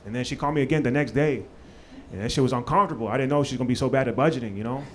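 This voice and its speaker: A man's voice: medium pitch, very fast, crowd noise. A man from Maryland doing a stand-up comedy set on a club stage, loose and profane with lots of fillers. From Maryland, USA.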